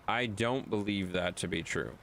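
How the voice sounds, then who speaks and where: A man streaming a game live, joking and swearing with his friends in lively banter. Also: lowish voice, moderate pace, slight background noise. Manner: excitable, profane, joking.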